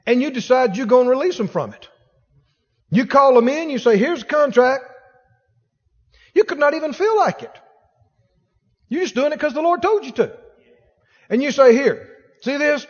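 A man's voice: very high voice, normal speed, pauses often, in a large hall, muffled recording. A man preaching a sermon as pastor, acting out the voices of the people in his stories. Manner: animated preaching, acts out quoted voices.

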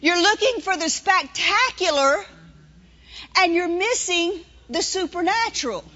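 A woman preaching a sermon, telling stories and acting out voices with lively delivery. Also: very high-pitched, a little slow, dull audio. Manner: storytelling, animated, acts out inner voices.

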